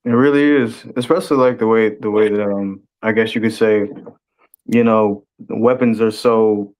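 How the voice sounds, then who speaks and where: A man from the United States in casual podcast chat, speaking in a hesitant, measured way full of fillers. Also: lowish voice, fairly even intonation, a little mellow. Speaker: podcast co-host.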